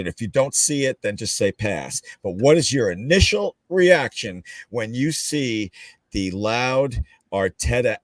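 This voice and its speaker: A man's voice: medium pitch, dry recording. A man co-hosting a football chat who asks the panel questions and steers the talk.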